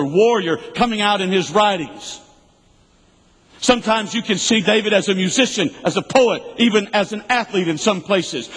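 A man preaching a sermon, emphatic and repetitive, swinging between loud bursts and quiet asides. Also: high voice, breathy edge, long reverb tail, low-quality recording.

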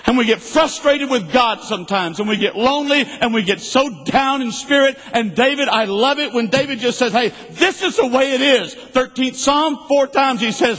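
A man preaching a sermon, emphatic and repetitive, swinging between loud bursts and quiet asides. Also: very high voice, moderate pace, few pauses, long reverb tail, low-quality recording.

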